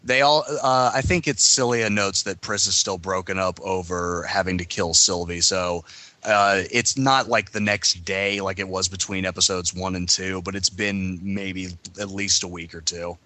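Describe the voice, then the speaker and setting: A man's voice: deep voice, steady tone, moderate pace, sharp tone. A man co-hosting a casual podcast chat with wry, joking asides.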